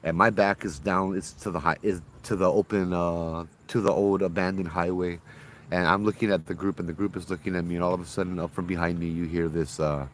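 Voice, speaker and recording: A man, a ghost tour guide telling spooky stories in a casual, animated way with local slang. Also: deep voice, fairly quick, a little hiss or hum. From Hawaii.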